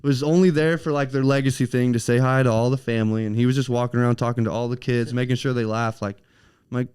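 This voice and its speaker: A man who is a guest on a podcast, chatting in a laid-back way, swearing freely and chiming in with quick remarks. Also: medium pitch, steady tone, darkish tone, smooth, dry recording. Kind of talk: casual chat.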